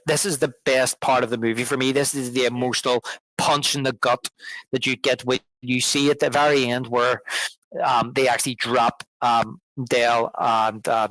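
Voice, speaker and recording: A man's voice: mid-range voice, fairly bright tone, no room sound, low-quality recording. A man co-hosting a film podcast, rambling through a casual film discussion with many restarts as he retells scenes. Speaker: podcast co-host. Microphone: podcast microphone.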